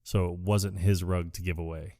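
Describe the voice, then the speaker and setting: A man co-hosts a relaxed podcast chat, his voice sitting on the lower side. He walks through movie scenes, laughing often and slipping into quick quoted lines. The sound is close and dry, with no room around it. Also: dry recording. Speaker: podcast co-host. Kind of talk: casual chat.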